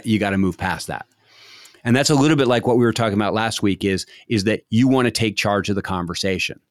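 Animated man acting out little dialogues. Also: on the low side, no echo, studio quality. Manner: animated, acts out example dialogues, frequent restarts. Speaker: podcast host giving advice. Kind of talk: casual conversational advice.

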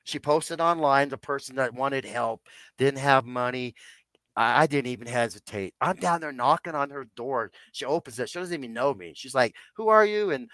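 A man's voice: mid-range voice, moderate pace, pushed and bright, no echo. A man in his sixties, a podcast guest, telling a personal story in a rambling way and calling his listeners "guys". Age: 60s.

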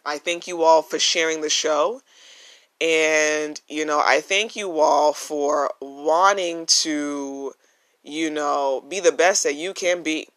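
Speaking in a fairly bright, medium-pitched voice, this podcast host records a laid-back solo monologue on a phone with no mic, sounding earnest and emphatic and coming back to key phrases again and again.

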